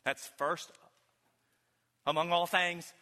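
Bright-voiced man preaching in a hall. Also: high-pitched, steady tone, slow. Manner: emphatic preaching, swings from loud to hushed. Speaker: pastor. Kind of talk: sermon. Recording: long hall reverb.

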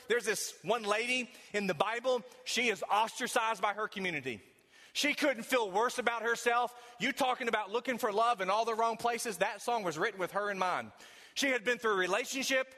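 A man preaching a sermon in a large church hall, swinging between loud emphasis and hushed tones. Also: very high-pitched. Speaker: pastor. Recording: long hall reverb.

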